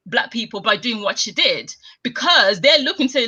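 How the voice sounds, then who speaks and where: A woman's voice: on the high side, very animated, moderate pace, few pauses, bright, forceful tone. A woman chatting on a live stream, talking emphatically in long run-on stretches with an indignant edge. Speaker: guest commentator. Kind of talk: casual live-stream chat.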